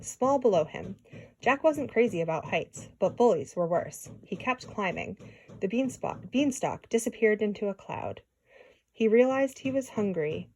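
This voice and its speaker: A woman reading a children's story aloud in an expressive way, with small slips and restarts. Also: mid-range voice. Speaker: storybook reader.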